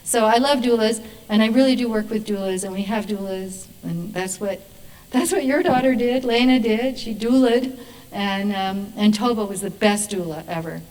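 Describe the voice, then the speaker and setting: A woman who works as a midwife, telling lively stories to an audience in a hall and acting out the voices in them. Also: medium pitch, normal speed, far from the mic. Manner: animated, acts out voices in her stories, laughs. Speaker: midwife giving a talk. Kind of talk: storytelling presentation to an audience. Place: performing arts hall stage.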